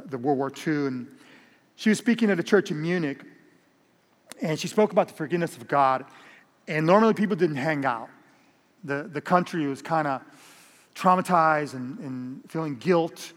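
A man preaching to a large congregation, animated and storytelling, often stumbling over repeated words. His voice sits a little high for a man. The long reverb of a big church hall trails behind every phrase. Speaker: pastor. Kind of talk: sermon.

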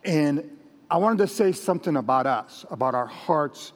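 Male pastor, loud, chatty, jokey, slightly high voice, church service. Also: expressive, normal speed, big-room sound. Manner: loud, chatty, laughing storyteller. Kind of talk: sermon with jokes.

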